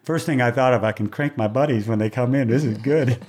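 A man in his sixties, a longtime race announcer, telling stories in a relaxed interview, acting out other people's voices and laughing often. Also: mid-range voice, fast talker, hardly any pauses. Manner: animated storyteller, acts out voices, laughs often. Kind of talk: casual storytelling interview. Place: moved from Hawaii, on the mic in Southern California for decades.

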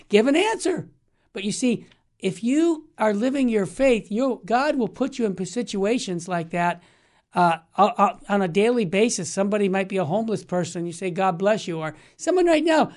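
A woman's voice: a little high, darkish tone. A woman hosting a Catholic radio talk show, speaking earnestly and with emphasis, often repeating words as she restarts a thought.

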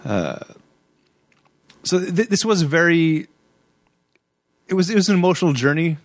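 Halting man hosting a movie podcast. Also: a little high, lively intonation, no room sound. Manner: halting, many restarts, laughs often. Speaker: podcast host. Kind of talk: casual movie review chat.

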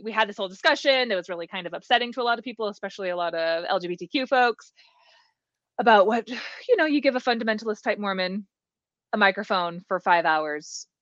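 A woman's voice: mid-range voice, a bit bright, dry recording, lo-fi sound. A woman on a live show telling a story in a candid, rambling way from a bedroom at home. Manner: candid, rambling, swears lightly. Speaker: regular co-host.

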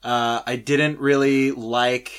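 A man's voice: mid-range voice, little pitch movement, takes it slowly, clear, resonant tone. A young man in casual chat, blunt and profane, hesitating with fillers as he gathers his thoughts.

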